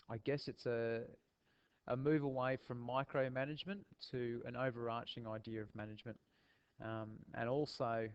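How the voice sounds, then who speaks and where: A man's voice: medium pitch, lo-fi sound. Man with a stuffy cold voice. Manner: relaxed, with frequent ums and restarts. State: nasal from a cold. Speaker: teacher. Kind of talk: recorded video lecture.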